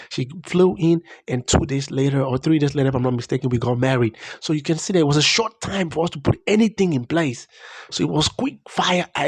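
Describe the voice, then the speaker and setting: A man's voice: fairly high pitch, a little mellow, slightly rough, dry recording. A young man, earnestly telling a personal story in a vlog. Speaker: vlogger.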